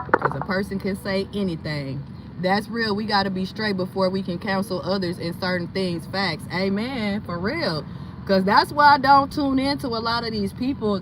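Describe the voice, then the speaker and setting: A woman talking casually in a rambling, chatty way with a valley-girl lilt while she drives and vlogs from her car. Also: medium pitch. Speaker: vlogger. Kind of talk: casual chat vlog while driving. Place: inside a car on the road. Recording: loud traffic and road noise.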